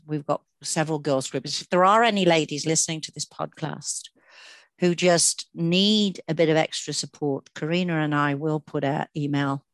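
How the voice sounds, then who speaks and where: Low-voiced woman co-hosting a podcast. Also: dry recording. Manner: earnest, chatty, many fillers and restarts. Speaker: podcast co-host. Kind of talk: casual podcast chat.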